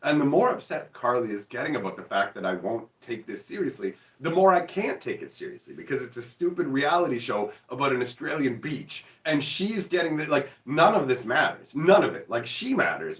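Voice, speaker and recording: A man's voice: medium pitch, fairly bright tone. Rambling man in an echoey room. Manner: rambling, laughs often, lots of "like". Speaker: card game channel host. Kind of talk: casual chat. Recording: echoey room, mic at a distance.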